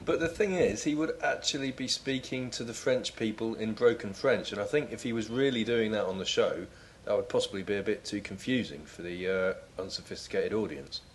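A man's voice: on the low side, fairly quick, a little hiss or hum. A man in his forties co-hosting a comedy chat with dry, mock-serious wit. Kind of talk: comedic banter.

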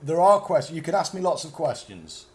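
Rambling British man with a lively voice. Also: on the high side, a little fast. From Britain. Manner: rambling, stumbling, mock-confident. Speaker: podcast co-host. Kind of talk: improvised comedy chat. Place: motorway service station.

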